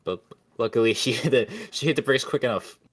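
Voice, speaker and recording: A young man co-hosting a podcast, recapping a film plot in casual chat, halting with restarts and casual swearing. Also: medium pitch, expressive. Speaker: podcast co-host.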